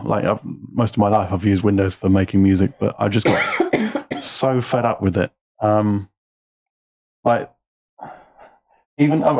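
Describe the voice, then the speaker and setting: A man hosting a casual live stream about his music, relaxed and chatty, laughing often. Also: fairly low pitch. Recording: loud music under the voice.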